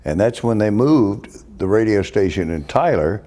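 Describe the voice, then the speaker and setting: An older man from Texas, telling stories in a folksy, unhurried way as host of a casual chat. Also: fairly low pitch, expressive, warm tone.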